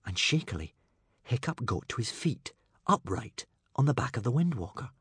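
Expressive male narrator, husky, dry close sound, lively dramatic delivery. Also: medium pitch, normal speed, dry recording. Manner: dramatic, dropping to a hush for suspense. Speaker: audiobook narrator.

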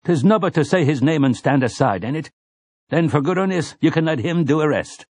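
A man voicing a gruff, scolding old grandfather who snarls in old-fashioned rural dialect. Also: fairly high pitch, animated, brisk, a little mellow, no room sound, studio quality, voice pushed up. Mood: snarling.

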